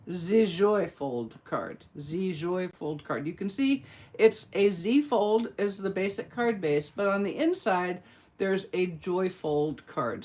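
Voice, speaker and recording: A woman's voice: medium pitch, slight background noise. Chatty self-mocking woman teaching a craft. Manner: chatty, self-deprecating, rambling asides. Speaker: card-making demonstrator. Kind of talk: casual craft tutorial.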